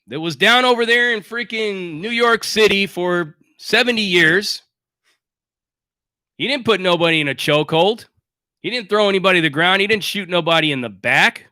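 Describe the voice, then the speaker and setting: Sarcastic, blunt high-voiced man. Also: sharp tone, dry recording, studio quality. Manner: sarcastic, blunt, swears freely. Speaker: livestream host. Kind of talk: casual livestream rant.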